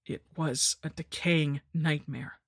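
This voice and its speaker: A woman narrating a horror story in the first person, with a measured, grim delivery. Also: deep voice, steady tone, slightly rough, no room sound, studio quality. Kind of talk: scripted narration.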